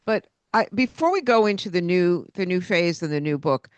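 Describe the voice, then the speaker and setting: A woman's voice: fairly low pitch, animated, normal speed, smooth, dry recording. A woman hosting a radio interview, asking questions and introducing her guest. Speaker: radio host.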